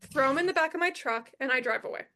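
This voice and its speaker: A woman's voice: sits high, fast, bright, forceful tone. A young adult woman as a podcast guest, telling a personal story in a blunt, emphatic way, swearing freely and repeating her key lines.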